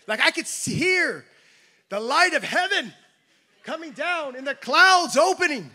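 A man's voice: very high voice, lively intonation, unhurried, pushed and bright. A man preaching a sermon as pastor, telling a personal story with self-deprecating humor. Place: church campus service.

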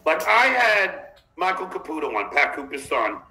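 A man's voice: a little high, big pitch swings, moderate pace, sharp tone, poor audio. A man hosting a livestream podcast, reading out viewer chats in a combative, mocking way. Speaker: podcast host.

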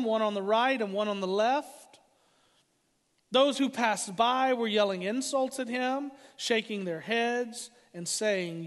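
A middle-aged man preaching a sermon as pastor, dramatic, swinging from loud declarations to hushed lines. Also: high voice. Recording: hall reverb.

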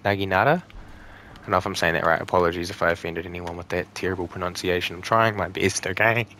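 A man's voice: sits low, level tone, fast talker, sharp tone, slight background noise. A young man giving joking, profane commentary while playing a game, talking back to the enemies on screen. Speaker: gaming channel host. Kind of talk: let's play commentary.

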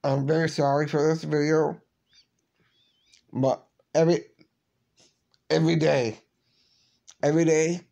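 A man talking to his camera in an emotional personal vlog, tearful and apologetic, halting and repeating his words as he goes. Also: fairly high pitch, fairly even intonation, vocal fry, mellow. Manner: apologetic, subdued. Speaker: vlogger.

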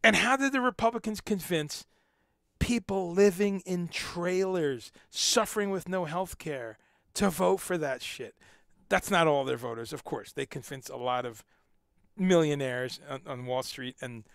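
A man's voice: fairly high pitch, unhurried, vocal fry, no room sound, studio quality. A man hosting a casual livestream, rambling and repeating words as he talks, now and then swearing. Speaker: livestream host.

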